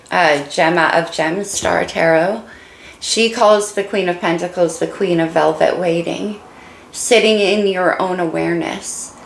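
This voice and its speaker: A woman's voice: fairly low pitch, creaky, echoey room, a little hiss or hum, low-quality recording. A woman giving an encouraging, emotional tarot reading while losing her voice. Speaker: tarot reader.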